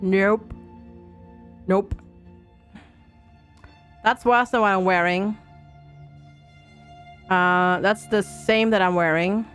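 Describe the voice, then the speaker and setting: A woman's voice: medium pitch, steady tone, extremely slow, long pauses, a bit bright, clear, resonant tone, soft background music. A young woman streaming a game, chatting and thinking aloud to her viewers. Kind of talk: casual game commentary.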